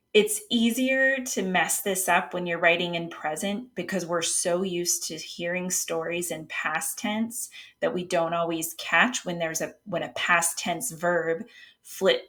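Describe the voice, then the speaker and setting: A woman with a slightly low voice teaches writing as an editor. She explains each point patiently in a relaxed instructional tone, with the occasional filler or restart. Now and then she reads short example passages aloud. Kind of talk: casual instructional talk.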